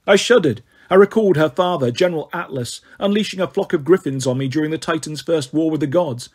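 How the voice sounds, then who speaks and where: A man's voice: on the high side, fast, few pauses, darkish tone, husky. A man narrating an audiobook in first person, telling the story expressively.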